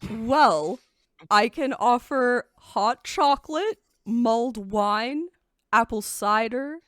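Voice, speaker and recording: A woman's voice: a little high, takes it slowly, a bit bright, no echo, studio quality. A woman voicing a large, friendly male lodge receptionist who speaks politely and helpfully. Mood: courteous.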